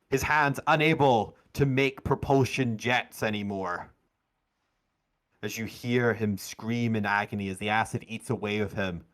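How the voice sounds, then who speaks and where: A man narrating as game master of a tabletop game, slow and dramatic. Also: mid-range voice, a bit bright.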